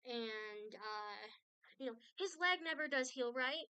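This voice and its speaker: A woman's voice: on the high side, animated, slow, sharp tone, smooth, no room sound. A woman art streamer telling a long story in casual chat, rambling with many restarts and asides.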